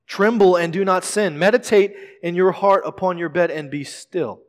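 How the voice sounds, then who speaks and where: A male pastor preaching a sermon in a measured way, often repeating words as he explains scripture. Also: high voice. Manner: measured preaching with frequent word repetitions. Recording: long reverb of a large hall.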